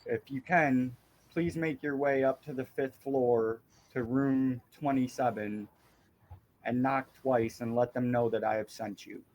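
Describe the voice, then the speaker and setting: A courteous innkeeper woman, voiced by a man in his own easy voice, measured and unhurried. She speaks in formal, gracious phrases across a game table. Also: mid-range voice, steady tone, darkish tone, natural voice, rough recording. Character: polite female innkeeper.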